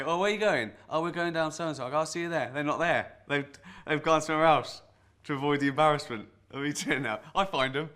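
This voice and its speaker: A man's voice: medium pitch, pushed and bright, lightly acted. An actor playing a self-deluded middle-aged male sales rep, rambling awkwardly with lots of ums and nervous chuckles in a comic mock guitar lesson. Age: 40s. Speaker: would-be guitar teacher.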